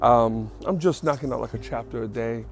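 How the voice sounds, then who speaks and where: A man's voice: medium pitch, brisk, soft background music. A man hosting his own podcast in casual solo chat, rambling and correcting himself, a little out of breath. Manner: rambling, self-correcting, chatty. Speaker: podcast host.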